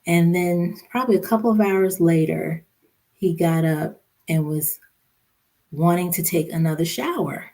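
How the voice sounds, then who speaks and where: A woman podcast guest recounting a painful family memory in a somber, halting way, with many fillers. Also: on the low side, dark tone. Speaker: podcast guest, social worker and mother. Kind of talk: personal storytelling in a podcast interview.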